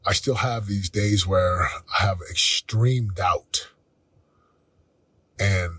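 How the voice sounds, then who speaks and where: Earnest husky man in his forties. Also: low voice, takes it slowly, pushed and bright, no room sound. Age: 40s. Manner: earnest, candid, with self-quoting asides. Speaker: podcast host. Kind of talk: motivational talk.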